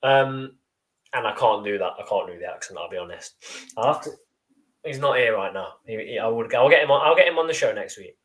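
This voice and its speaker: A man co-hosting a live football fan show, chatting casually with dry, deadpan jokes and reading out viewer comments. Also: mid-range voice, fairly quick. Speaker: podcast co-host.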